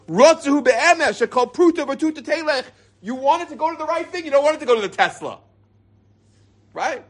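High, husky-voiced man giving a Torah class. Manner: reads Hebrew passages then explains them in casual English, with jokes. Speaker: rabbi teaching a Torah class. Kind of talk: informal Torah lesson to a live group.

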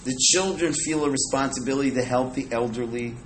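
A man's voice: mid-range voice, fairly quick, slight background noise, low-quality recording. Male Torah teacher, mid-range voice, chatty lecture style with jokes and Hebrew terms. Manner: conversational, jokes with the audience, Hebrew and Yiddish terms. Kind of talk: informal Torah class.

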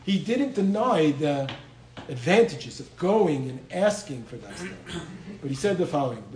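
A man's voice: on the high side, very animated, normal speed, darkish tone, echoey room, low-quality recording. A man giving an informal Torah lecture, talking conversationally and often repeating his words, with Hebrew and Yiddish terms mixed in. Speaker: lecturer on Jewish law and medical ethics.

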